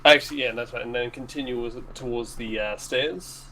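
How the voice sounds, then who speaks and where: A man's voice: mid-range voice, fairly even intonation, brisk, sharp tone, slight background noise, poor audio. A man playing a tabletop game, rambling and hedging with lots of fillers as he describes his moves. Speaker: player. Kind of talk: casual tabletop game chat.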